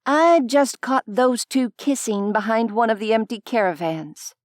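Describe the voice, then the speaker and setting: A woman voicing an exasperated young mother who is teasing and huffy, pitched well above her own narrating voice. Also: a little slow, no echo, clean studio sound, natural voice.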